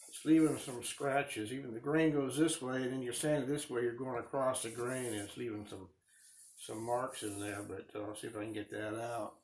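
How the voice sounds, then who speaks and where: Man, middle-aged, rambling casual chat, workshop live stream, phone mic, mid pitch. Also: steady tone, moderate pace, darkish tone. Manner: rambling, chatty, reads viewer comments aloud. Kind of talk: casual chat while working. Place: workshop at a lathe.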